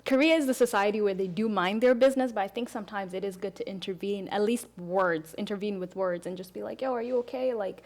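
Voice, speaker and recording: A young adult woman hosting a casual podcast chat, telling stories with lively acted-out dialogue. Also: mid-range voice, quick pace, hardly any pauses. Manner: animated storyteller, acts out quoted dialogue. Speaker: podcast host.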